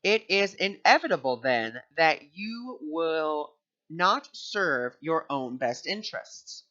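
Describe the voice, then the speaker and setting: A man's voice: a little high, sing-song, slow, pushed and bright. A man hosting a casual spiritual talk and telling a personal story in a chatty way, full of fillers. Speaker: spiritual teacher and host. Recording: dull lo-fi recording.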